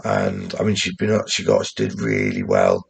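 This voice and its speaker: A man talking in a rambling, casual monologue, often swearing and restarting his sentences, with a gravelly, husky voice. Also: low-pitched, big pitch swings, moderate pace. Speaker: commentator.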